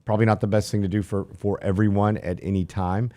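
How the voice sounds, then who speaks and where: A man's voice: on the low side, little pitch movement, fast, warm tone. A man co-hosting a finance talk show, asking rambling questions with lots of fillers. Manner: rambling, many fillers, joking. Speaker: show co-host.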